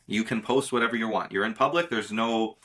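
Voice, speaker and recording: A man's voice: on the low side, fairly quick, fairly bright tone. A man, a magician and mentalist, chatting casually about performing, emphatic and insistent, repeating words to drive his point home. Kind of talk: casual conversation.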